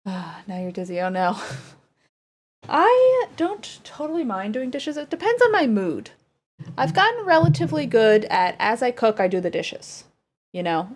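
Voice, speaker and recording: A woman's voice: fairly high pitch, slightly rough. A woman from the United States streaming, chatting casually with her viewers and cooing at her dog between topics. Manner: chatty, talks baby talk to her dog.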